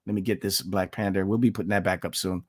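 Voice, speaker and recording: A man's voice: sits low, steady tone, quick pace, no echo. A man giving blunt, sarcastic reaction commentary, peppered with "okay?" and "you know", sliding into a preacher's tone when he cites scripture. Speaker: online commentator.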